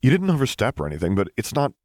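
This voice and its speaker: A man voicing Luke, an earnest, flustered teenage boy who looks after a group of clones, with a hurried, protective manner. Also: mid-range voice, huge pitch swings, darkish tone, dry recording, studio quality, voice pushed up. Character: earnest teen male clone caretaker, flustered.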